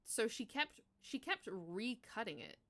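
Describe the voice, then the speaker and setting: A woman in her twenties streaming live, telling a story in casual chat, animated, swearing freely and laughing as she goes. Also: a little high, measured pace.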